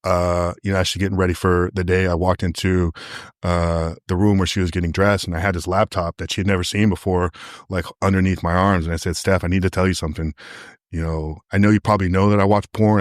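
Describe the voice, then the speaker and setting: A man's voice: low voice, dry recording, studio quality. A man, a podcast guest and coach, telling a personal story in a candid, emotional way, full of fillers and restarts. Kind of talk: casual interview storytelling.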